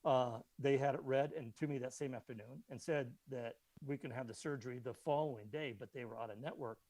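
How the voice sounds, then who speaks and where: A man's voice: medium pitch, brisk, no echo. A middle-aged man, a podcast guest who publishes a magazine, telling a long personal story in casual talk and acting out both sides of each conversation. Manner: animated anecdote teller who acts out both sides of conversations.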